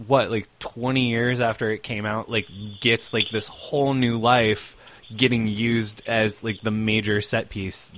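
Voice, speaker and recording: A man's voice: fairly low pitch, a bit bright, no room sound. Young man asking eager, "like"-filled questions. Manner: enthusiastic, peppered with "like". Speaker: interviewer. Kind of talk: casual interview.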